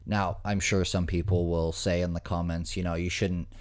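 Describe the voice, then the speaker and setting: A man's voice: sits low, little pitch movement, moderate pace. A male host giving casual commentary on viral clips, with wry asides and hesitant fillers.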